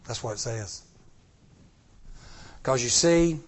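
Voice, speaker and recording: A man preaching a sermon in an emphatic style, slowing down on key words and calling out to the congregation. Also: medium pitch, husky. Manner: emphatic, slows down on key words, call-and-response. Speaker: pastor.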